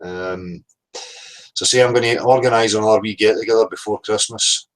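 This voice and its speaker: A man's voice: on the low side, fairly even intonation, moderate pace, rough recording. Guy hosting a livestream, blunt and sweary, reading out chat names. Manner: blunt, sweary, greets chat viewers one by one. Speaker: livestream host.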